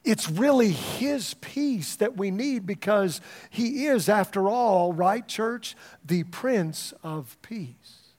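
A man's voice: sits high, expressive, slow pace, a little mellow. A middle-aged man, a pastor, preaching a sermon in a conversational storytelling way, often repeating words as he starts a thought.

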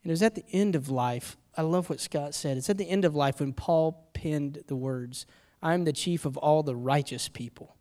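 A middle-aged man preaching a sermon, telling personal stories and moving between hushed, confessional moments and loud, urgent ones. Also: a little high, moderate pace, hardly any pauses.

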